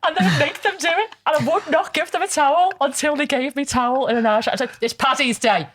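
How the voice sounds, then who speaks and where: A woman's voice: high voice, fast, no echo. Woman, podcast co-host, teasing, laughs a lot, swears freely. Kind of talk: casual banter.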